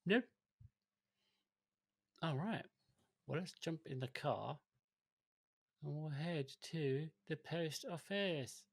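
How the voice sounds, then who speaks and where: A man's voice: on the high side, slow, creaky, pauses often, husky. A man co-hosting a podcast in casual chat, rambling and hesitant, with frequent restarts and fillers. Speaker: podcast co-host.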